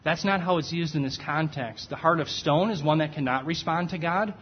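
A man's voice: a little high, brisk, lo-fi sound, a little hiss or hum. A man preaching an expository sermon in a conversational way, often checking in with "okay?" and stopping to correct himself. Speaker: pastor.

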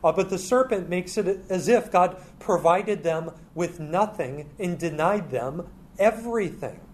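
Halting male Bible teacher. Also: sits high, lively intonation, slight background noise. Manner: halting, with constant "uh" fillers.

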